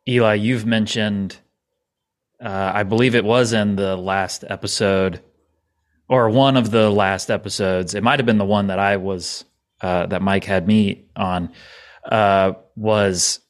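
A podcast host with a low voice talks through an idea the way a coach would. He is thoughtful and keeps checking in with his guests by asking "right?" as he goes. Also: steady tone, unhurried. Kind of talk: casual conversation.

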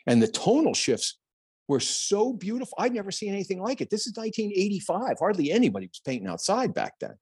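A man's voice: high-pitched, quick pace, breathy edge, no room sound, clean studio sound. A middle-aged man from New Jersey, a painter and podcast guest, telling stories animatedly and acting out the voices of people he quotes. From New Jersey, United States. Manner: animated storyteller who acts out quoted voices. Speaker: plein air painter, guest. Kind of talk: storytelling in a podcast interview.

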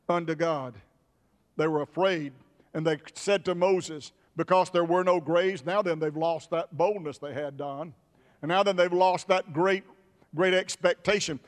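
Man, pastor, high voice, emphatic repetitive preaching, long hall reverb. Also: normal speed. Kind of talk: sermon.

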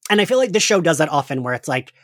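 A man's voice: a little high, very animated, very fast, a bit bright, no echo, studio quality. A man co-hosting a casual podcast chat, talking loosely with lots of fillers and frequent laughs. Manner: chatty, laughs often, many fillers. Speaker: podcast co-host.

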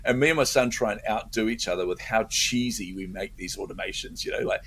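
A middle-aged man, a guest entrepreneur, chatting in an interview and telling stories with animated energy, laughing often and repeating words. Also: on the low side, fast talker. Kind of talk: casual interview chat.

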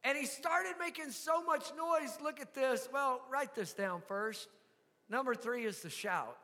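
A man's voice: very high-pitched, unhurried. Man preaching in a reverberant hall. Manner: storytelling preacher, swings from soft asides to loud shouts. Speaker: pastor. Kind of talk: sermon.

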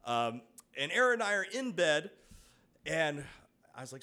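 Lively, bright-voiced man telling a story. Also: on the high side, measured pace, long pauses. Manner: animated storytelling, acts out quoted voices. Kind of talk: personal anecdote told to an audience.

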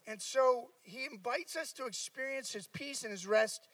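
A man's voice: extremely high pitch, moderate pace, fairly bright tone, dry recording, distant mic, low-quality recording. A man giving a casual sermon, telling a personal story with many fillers and asides. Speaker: preacher.

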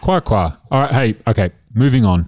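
A man's voice: mid-range voice, lively intonation, moderate pace, a little mellow. A man, a father hosting a casual family podcast and joking with his kids. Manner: playful, teasing, jokey.

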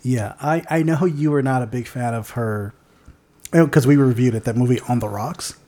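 A man's voice: mid-range voice, normal speed, warm tone. A man co-hosting a casual movie-review podcast, rambling and searching for words as he talks, with the odd swear. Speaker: podcast co-host.

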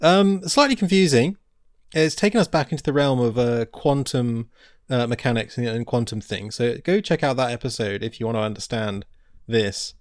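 A man's voice: medium pitch, moderate pace, no room sound. Guy cohosting a science podcast, chatty, trips over big words, dry close mic. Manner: chatty, stumbles over technical terms. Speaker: podcast co-host. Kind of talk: casual educational chat.

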